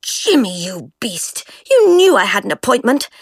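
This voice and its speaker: A woman's voice: fairly high pitch, big pitch swings, normal speed, slightly rough, no room sound, clean studio sound, voice pushed up, full character voice. Proud, cold schoolgirl in a temper, clipped and indignant, voiced by a woman reader. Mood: furious.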